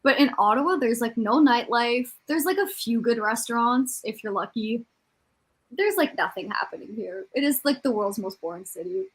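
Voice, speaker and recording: Canadian woman, ontario accent, fairly high voice, chatty, lots of "like". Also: expressive, moderate pace. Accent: Canadian, from Ontario near the Quebec border. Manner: chatty, fills her talk with "like". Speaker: livestream co-host. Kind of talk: casual chat.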